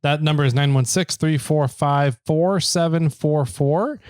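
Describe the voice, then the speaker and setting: A man hosting a podcast with friends, talking in a relaxed, easygoing way and closing out the episode with a catchphrase. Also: a little high, a little slow, clear, resonant tone, dry recording, clean studio sound. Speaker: podcast host. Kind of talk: casual chat. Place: podcast recording room.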